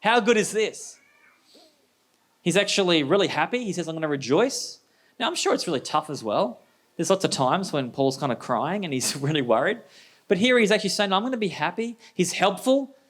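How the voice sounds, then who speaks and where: A man preaching a sermon as pastor, energetic and conversational, throwing rhetorical questions at the congregation. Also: sits high, normal speed.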